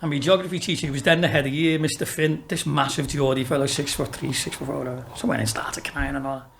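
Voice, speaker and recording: Liverpool man, slightly high voice. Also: fairly even intonation, fast, vocal fry, a bit bright, a little hiss or hum. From Liverpool, England. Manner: rambling, swearing storyteller who laughs often. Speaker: guest, racehorse owner. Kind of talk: casual chat.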